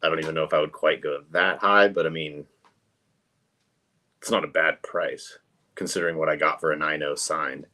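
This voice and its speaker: A man's voice: very deep voice, fairly even intonation, moderate pace, long pauses, bright, forceful tone. A man co-hosting a comic book show, chatting in a laid-back way and swearing now and then. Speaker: co-host. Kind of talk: casual chat.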